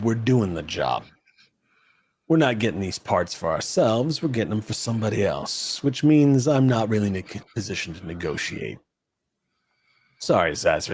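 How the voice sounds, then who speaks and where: A man voicing a gruff male alien mercenary leader in a tabletop game, speaking slowly and grimly. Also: fairly low pitch, a little mellow, slight background noise, pitched below the performer's own voice, close to an everyday voice.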